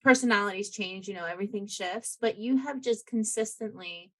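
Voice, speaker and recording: Give me an earnest woman podcast host talking casually and winding through her thoughts, at a mid pitch. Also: fairly quick. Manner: rambling, many fillers and restarts, earnest. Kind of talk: casual conversational chat.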